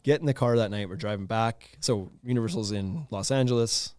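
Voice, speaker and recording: A man, hosting a podcast and telling a story in casual chat, animated and laughing often. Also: lowish voice, a little fast, clean tone, no room sound. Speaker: podcast host.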